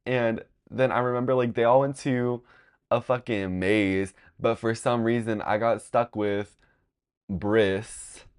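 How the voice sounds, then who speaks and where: Speaking slowly in a clear, resonant voice of medium pitch and steady tone, this young man from Long Beach, California, hosts a podcast. He rambles casually through a personal story, using lots of fillers and swearing often.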